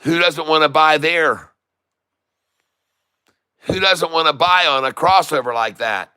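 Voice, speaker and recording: A man giving excited live commentary on a stock chart, full of folksy slang and exclamations. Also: a little high, a little slow, clear, resonant tone. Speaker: day-trading streamer.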